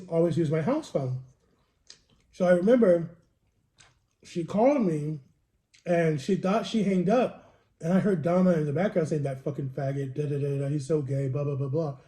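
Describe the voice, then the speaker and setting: Speaking with a mellow, slightly high voice, this man confides a meandering personal story in a casual vlog. The recording, made at home, is roomy with noticeable echo.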